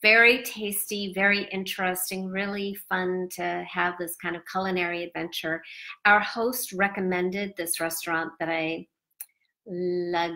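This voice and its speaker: Woman travel vlogger, tired and sleepy, bright tone, rambling with lots of fillers. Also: on the low side, level tone, a little slow. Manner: chatty, rambling, with many fillers. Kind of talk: casual travel vlog.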